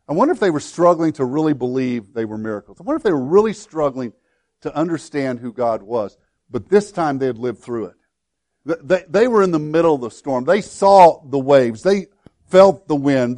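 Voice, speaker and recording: A man preaching a sermon and leading a prayer, earnest, often repeating words and dropping to a hush for emphasis. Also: medium pitch. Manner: earnest, repeats words, swings between loud and hushed. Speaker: pastor.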